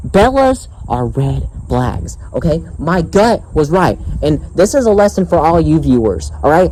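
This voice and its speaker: A man's voice: a little high, very animated, moderate pace, mellow, slight background noise, rough recording. A young man vlogging outdoors, telling a story in a profane, exasperated and sarcastic rant. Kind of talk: ranting storytime vlog.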